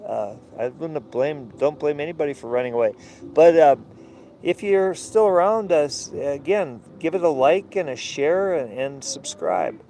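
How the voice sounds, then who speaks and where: Male sailor vlogger, rambling casual talk, slightly high, faint street noise. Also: lively intonation, measured pace, mellow. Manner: rambling, many fillers and restarts. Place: outdoors.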